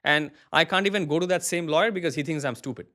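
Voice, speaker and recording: Animated storytelling man, interview guest. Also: a little high, quick pace. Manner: animated, acts out other people's words while telling stories. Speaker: agency founder, guest.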